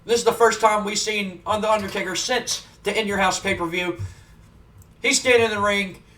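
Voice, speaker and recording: A man giving relaxed, chatty play-by-play of a wrestling simulation game as the host. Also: high-pitched, normal speed, recorded from a distance. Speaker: gaming video host. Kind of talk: casual play-by-play commentary of a wrestling sim.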